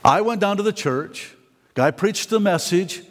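A man's voice: high voice, measured pace. Folksy preacher man in a reverberant hall. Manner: folksy, candid, repeats words when excited. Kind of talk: sermon testimony.

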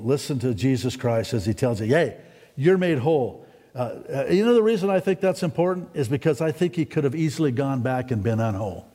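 A man preaching a sermon in a folksy, rambling way, often climbing to excited, emphatic peaks. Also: a little high. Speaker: pastor. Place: church sanctuary. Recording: long hall reverb in a church.

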